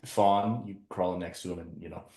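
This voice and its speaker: A man's voice: low-pitched, steady tone, moderate pace, vocal fry, darkish tone, reverberant. A man who is a podcast guest, laid-back and joking with swearing, speaking over a video call. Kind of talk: casual chat.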